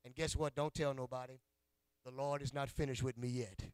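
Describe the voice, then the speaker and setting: A man's voice: mid-range voice, fairly even intonation, brisk, smooth, dry recording. A male pastor preaching a sermon in a church, calling out to his congregation in a rhythmic call-and-response style and teasing them in a folksy, playful way. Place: church sanctuary.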